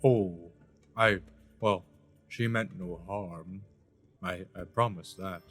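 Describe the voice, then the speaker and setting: A man playing a tabletop game, slow and soft-spoken, faint music behind. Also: low-pitched. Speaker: player. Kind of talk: casual tabletop play.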